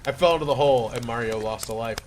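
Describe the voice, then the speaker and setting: A man's voice: medium pitch, fast talker, very noisy. Mock-dramatic male storyteller. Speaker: creepypasta reader. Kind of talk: comedic horror story reading.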